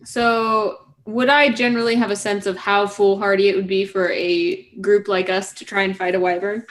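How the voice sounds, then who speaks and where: A woman's voice: mid-range voice, flat delivery, moderate pace. Woman player asking questions. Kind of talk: tabletop role-play.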